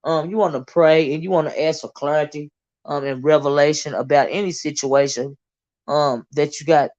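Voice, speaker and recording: This livestream host is a woman with a deep, steady, slightly mellow voice and a Southern American accent, speaking at a normal speed. She reads comments and rambles loosely, full of fillers, restarts, and Southern Black American vernacular. The recording's highs are cut off.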